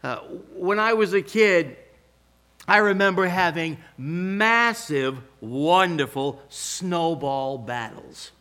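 An older man preaching a sermon, telling stories with emphatic, animated delivery. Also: on the high side, slow pace, clean tone. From Pacific Northwest US. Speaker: pastor.

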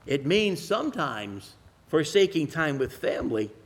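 A man preaching a sermon, telling folksy stories and slowing down to press his points. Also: on the high side, big pitch swings. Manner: folksy storytelling with slow emphatic phrasing.

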